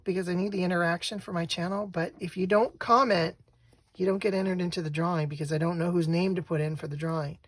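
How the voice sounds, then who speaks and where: Chatty, low-voiced woman crafting at home. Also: slightly rough. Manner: chatty, rambling storyteller who laughs often. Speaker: craft channel host. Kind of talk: casual crafting vlog chat.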